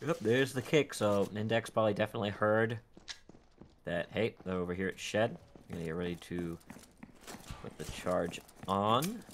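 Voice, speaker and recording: Male esports caster, low-ish voice, lively play-by-play, light noise under the mic. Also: moderate pace.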